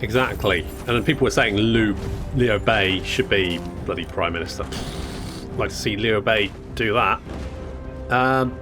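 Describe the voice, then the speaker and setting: A man's voice: fairly low pitch, measured pace, music in the background. Wry chatty man commentating a game. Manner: chatty, wry, swears casually, trails off and restarts. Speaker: gameplay commentator. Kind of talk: casual let's-play commentary.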